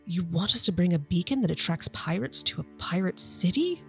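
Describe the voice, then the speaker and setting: A woman's voice: lowish voice, expressive, fairly quick, creaky, fairly bright tone, soft background music. A woman voicing a stern, frustrated ship captain who talks curtly and with exasperation. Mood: exasperated. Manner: curt and exasperated.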